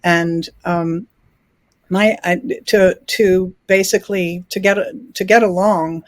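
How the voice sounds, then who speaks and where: A woman's voice: on the low side, steady tone, slow, no room sound. Woman in her sixties, dry close sound. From New York, raised in England. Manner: frequent restarts, laughs easily. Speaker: film festival founder. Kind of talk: conversational interview answers.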